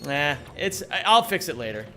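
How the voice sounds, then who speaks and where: A man's voice: a little high, very animated, normal speed, bright, forceful tone, soft background music. A young man live-streaming a game, joking around casually and greeting viewers by name. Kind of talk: casual live-stream chat while gaming.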